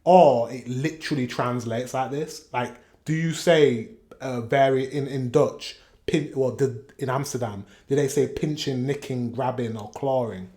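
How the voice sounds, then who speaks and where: A man with a middle-pitched voice talks through a reaction video in a loose, chatty way. He rambles and corrects himself mid-sentence, with light chuckles along the way. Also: a little slow, warm tone. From Yorkshire, England. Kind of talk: casual reaction commentary.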